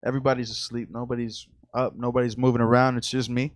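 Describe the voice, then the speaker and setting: A man's voice: mid-range voice, little pitch movement, fast talker, dry recording. A young man co-hosting a podcast in casual chat, easygoing and swearing freely. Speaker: podcast co-host.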